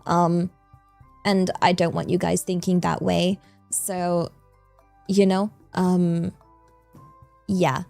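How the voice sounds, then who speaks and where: A woman's voice: fairly low pitch, flat delivery, slow pace, vocal fry, pauses often, a little mellow, dry recording, faint music behind. A woman streamer chatting casually with her viewers, rambling along with lots of fillers and repeated yeahs. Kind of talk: casual live-stream chat.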